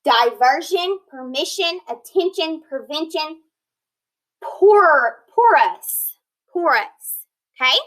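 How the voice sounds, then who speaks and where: Woman, phonics teacher, high bright pitch, deliberate sounding-out, encouraging check-ins. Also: expressive, low-quality recording. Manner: slow, deliberate, sounding out word parts. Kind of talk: recorded online lesson.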